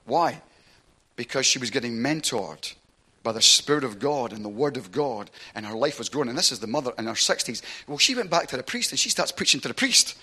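A man with a Glaswegian Scottish accent, preaching a sermon through chatty, animated storytelling that keeps checking in with "right?". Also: on the high side, brisk, husky. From Glasgow, Scotland.

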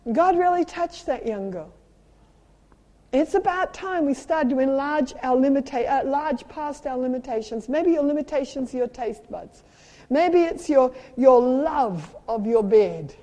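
High-voiced South African woman preaching. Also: moderate pace. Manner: animated storytelling with playful sound effects and emphatic exhortation. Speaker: traveling preacher. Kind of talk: sermon with personal stories. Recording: long hall reverb.

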